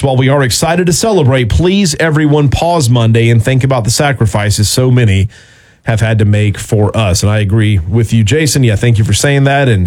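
A man's voice: on the low side, darkish tone. A man with a Southern US accent hosting a radio talk show, chatting casually and reading listener emails aloud.

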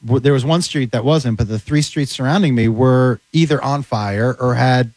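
Animated male comedian telling stories, dry mic. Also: medium pitch, moderate pace, no room sound, rough recording. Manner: animated storyteller, slips into character voices. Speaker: comedian guest. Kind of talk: casual podcast chat.

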